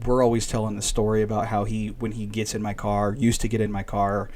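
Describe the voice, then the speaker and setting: Relaxed man chatting on a podcast. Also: on the low side, fairly quick, a little hiss or hum. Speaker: podcast co-host. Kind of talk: casual chat.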